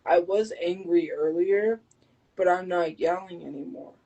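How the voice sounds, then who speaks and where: A woman livestreaming who answers her chat defensively and argues back, habitually talking loud. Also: lowish voice, a little slow, dull audio. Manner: defensive, argumentative. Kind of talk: live stream chat replies.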